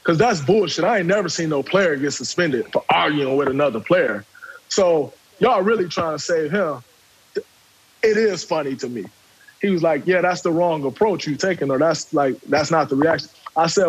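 A man, telling a story in casual talk, animated and profane, acting out quotes. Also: fairly high pitch, normal speed, breathy edge, poor audio.

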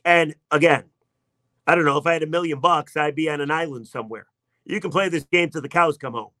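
A man's voice: fairly high pitch, fairly quick, sharp tone, dry recording. A man hosting a sports talk radio show, telling a story in a chatty, sarcastic way.

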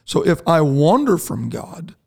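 A man's voice: fairly high pitch, big pitch swings, measured pace, vocal fry, a little mellow, breathy edge. A man, a pastor co-hosting a Christian podcast, answering a listener's question thoughtfully and step by step. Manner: thoughtful, explains scripture step by step. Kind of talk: casual podcast chat.

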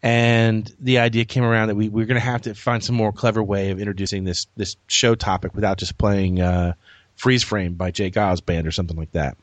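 A man's voice: on the low side, little pitch movement, fairly quick, dry recording. A man co-hosting a podcast, explaining things in an easygoing way with plenty of fillers. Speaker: podcast co-host. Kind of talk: casual chat.

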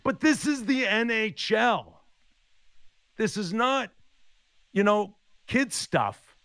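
A man's voice: high voice, slow pace, smooth, no room sound. A man in his fifties, a former hockey player, telling stories in a casual chat and acting out the quotes. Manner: animated storyteller acting out quotes.

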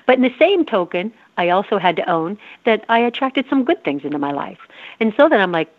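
A woman in her fifties, a guest author in a casual interview, speaks earnestly and repeats herself for emphasis. Her medium-pitched voice is sing-song and fairly quick, heard over a phone-like line with no echo.

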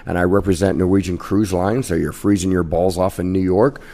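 A man in his fifties, originally from Kansas, spins brash, animated anecdotes about his casino-host career in a podcast interview. His voice sits very low and carries a rough, gravelly edge. He talks with swagger and punchy timing. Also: brisk.

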